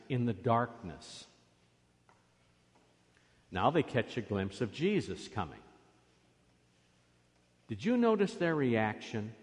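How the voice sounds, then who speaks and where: A priest giving a children's sermon in a church, coaxing the children along with lively questions. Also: male voice, on the low side. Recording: long reverb of a church.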